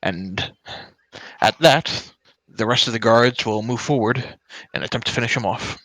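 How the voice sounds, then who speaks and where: Casual dungeon master, bright dry voice. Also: male voice, medium pitch, measured pace, dry recording, low-quality recording. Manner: casual, loose narration with fillers. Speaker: game master. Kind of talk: narrating a tabletop game.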